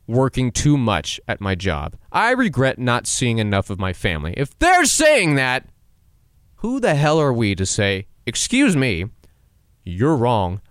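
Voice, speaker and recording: Animated young man giving podcast advice. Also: mid-range voice, clean tone, no echo, clean studio sound. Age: 20s. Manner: animated, pep-talk advice with laughs and acted-out quotes. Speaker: podcast host. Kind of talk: casual solo podcast monologue.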